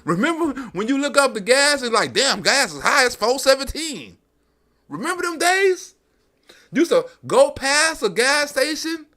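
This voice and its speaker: Very high-pitched and sharp, this male livestreamer delivers comedic political commentary, a profane and derisive rant addressed straight to the people watching.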